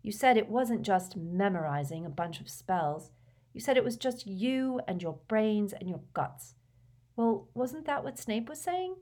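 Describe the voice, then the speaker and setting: A woman's voice: medium pitch, lively intonation, a little slow, a little mellow, voice pushed up, natural voice. A woman voicing an earnest, clever teenage schoolgirl in an audiobook reading, with a reproving, earnest manner. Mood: earnest reproof.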